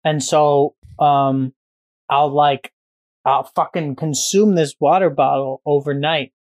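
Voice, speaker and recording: Guy rambling and cursing on a podcast, bit high voice, dead dry sound. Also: fairly even intonation, slow, a little mellow, no echo. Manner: profane, rambling, jokey. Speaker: podcast guest. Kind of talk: casual podcast chat.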